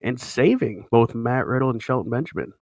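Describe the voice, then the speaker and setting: A man's voice: medium pitch, animated, a little fast, a little mellow, dry recording. A man in casual chat on a podcast, running through wrestling results in an easygoing announcer style. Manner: play-by-play announcer delivery, easygoing.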